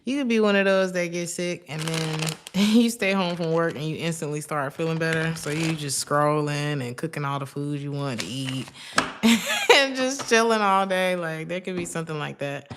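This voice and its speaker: A woman with a notably low voice gives a loose, conversational tarot reading. She chats as if to friends, laughing often and wandering into asides. A faint hiss sits under the recording. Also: fairly even intonation, moderate pace. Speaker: tarot reader.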